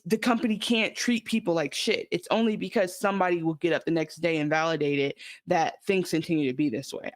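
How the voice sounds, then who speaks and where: Una mujer que co-presenta un pódcast, comentando un episodio en charla informal y animada, con muchas muletillas y palabrotas. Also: female voice, fairly low pitch, no echo, studio quality. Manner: animated, many fillers, swearing. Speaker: podcast co-host. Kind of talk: casual recap chat.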